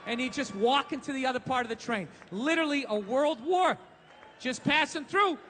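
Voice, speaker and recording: A middle-aged man rants through a stand-up set in a high, sharp voice, firing off profanities at speed. His handheld mic carries the long echo of a theater. Faint audience noise sits under him. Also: expressive, a faint crowd. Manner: ranting, profane, rapid-fire. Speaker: stand-up comedian. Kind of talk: stand-up comedy rant. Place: live comedy stage in a theater.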